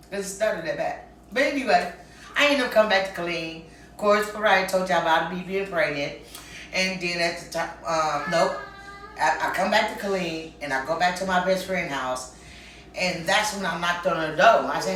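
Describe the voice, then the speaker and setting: A woman from Texas telling a candid story about her own life, frankly and with lively quoted voices. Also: on the low side, moderate pace, slight background noise. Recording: very echoey room, mic far off.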